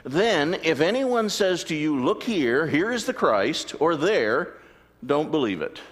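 Man, pastor, lively sermon, slightly high voice, big church reverb. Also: unhurried, breathy edge. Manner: animated storytelling, acts out excited voices. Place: church sanctuary.

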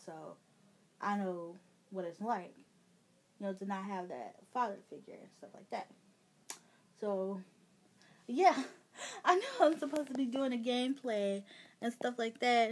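A woman with a Chicago accent, ranting casually and indignantly to her viewers, rambling with fillers. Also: mid-range voice. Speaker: gaming vlogger. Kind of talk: casual venting rant.

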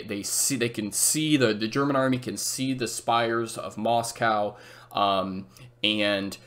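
Low-voiced man lecturing casually over a map. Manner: filler-heavy, restarts, acts out quotes. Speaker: history teacher.

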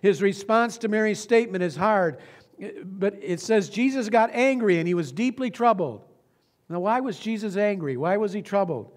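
Male pastor, higher register, earnest storytelling sermon in a church sanctuary. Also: lively intonation. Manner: earnest storytelling preacher, slows for emphasis.

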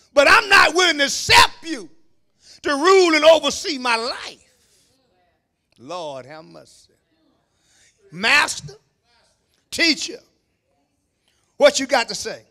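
A man preaching a sermon as pastor, shouting at the peaks and dropping into low asides to the congregation, calling on them to answer. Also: slow, pauses often. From Kentucky, USA. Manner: call-and-response preaching, calls on the congregation. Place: church sanctuary.

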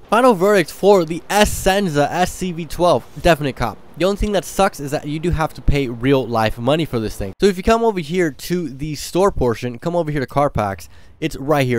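A man giving excited, slangy gameplay commentary as a gaming YouTuber, calling out speeds as he drives. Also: on the high side, dry recording, studio quality.

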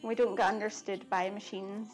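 A woman's voice: medium pitch, level tone, normal speed, soft background music. A Scottish woman chatting casually on a live cooking stream, laughing often and answering viewers' comments from her kitchen. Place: home kitchen.

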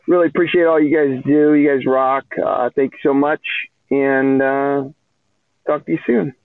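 A man's voice: medium pitch, steady tone, a little slow, pauses often, no room sound. A man leaving a question for a podcast in a hammy, put-on British accent. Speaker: listener calling in a question. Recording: tinny phone-line voicemail.

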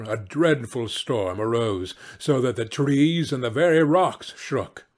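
A man narrating a fairy tale in a slow, expressive, dramatic way for English learners. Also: mid-range voice. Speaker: storyteller.

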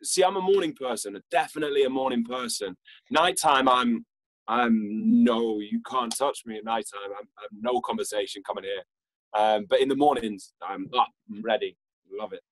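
A man's voice: medium pitch, moderate pace, no room sound, low-quality recording. A young man, an actor, chatting as an interview guest and telling funny stories with frequent laughter. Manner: animated storyteller, laughs often. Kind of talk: casual interview chat.

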